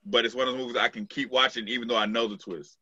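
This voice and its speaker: Bright-voiced man, loose and emphatic. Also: medium pitch, fairly even intonation, racing, highs cut off, slight background noise. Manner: loose, swears freely, emphatic. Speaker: podcast co-host. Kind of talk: casual chat.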